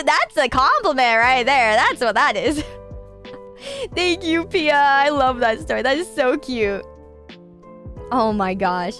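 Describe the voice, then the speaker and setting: Woman, streamer host, casual chat, laughs a lot, very animated pitch, soft music in background. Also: unhurried, long pauses. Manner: giggly, gushing, laughs often. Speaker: streamer hosting a call-in style radio show. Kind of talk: casual chat reading listener stories.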